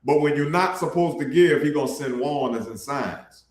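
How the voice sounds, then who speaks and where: A man's voice: a little high, moderate pace, reverberant. A man preaching a blunt, colloquial sermon for his online ministry, calling his listeners bro. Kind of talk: casual street sermon.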